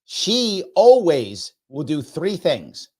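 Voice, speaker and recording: Sarcastic, lively male political commentator. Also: fairly high pitch, takes it slowly, breathy edge. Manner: sarcastic, mocking, emphatic. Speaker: host of a political commentary show. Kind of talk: live reaction commentary.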